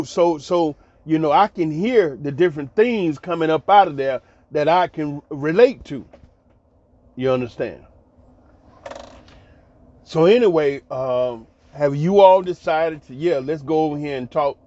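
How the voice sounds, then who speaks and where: A man's voice: mid-range voice, a little mellow, highs cut off. A man hosting his channel, telling stories in a casual, laughing, colloquial way and repeating his phrases. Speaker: channel host. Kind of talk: casual storytelling monologue.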